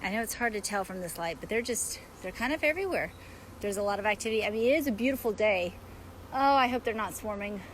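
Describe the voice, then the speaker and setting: A woman beekeeper talking chattily while filming in her backyard, excitable, laughing often and coaxing the bees. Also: mid-range voice, fast, slight background noise. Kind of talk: casual outdoor vlog narration. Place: backyard outdoors.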